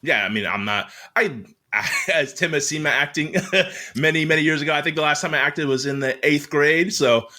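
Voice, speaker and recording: A man's voice: on the high side, normal speed, bright, forceful tone. A man guesting on a podcast in casual chat, self-deprecating and restarting his sentences. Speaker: guest, former roommate of host.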